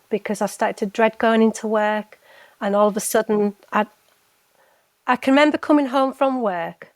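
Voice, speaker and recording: A woman guest on a podcast tells her personal story candidly and earnestly, often halting and restarting her sentences. Her voice is medium-pitched, and the podcast recording is dry.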